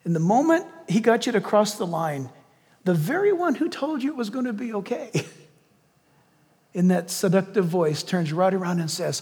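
Man, pastor, sermon, high voice, animated delivery. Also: moderate pace, in a large hall. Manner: animated, acts out villain lines in hushed voice. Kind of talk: sermon with closing prayer.

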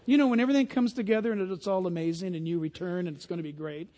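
A man preaching a sermon in a lively, conversational way. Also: sits high, very fast. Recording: long hall reverb.

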